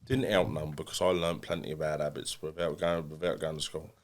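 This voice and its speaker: A very deep, fairly even voice, slightly quick, belongs to this boxer from England. Guesting on a casual podcast interview, he's blunt and self-deprecating, restarting himself many times.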